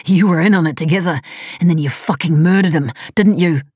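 A woman's voice: moderate pace, no echo, studio quality, natural voice. A woman voicing an injured, furious young man who swears and hurls threats in a thriller audiobook. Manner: shouting threats, pitch pushed up.

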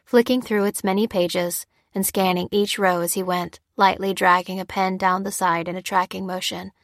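A woman reads a storybook chapter in steady, measured narration. Her voice sits in the middle of the female range, and the recording is dry and close. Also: medium pitch, no echo. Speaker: audiobook narrator. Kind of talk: scripted narration.

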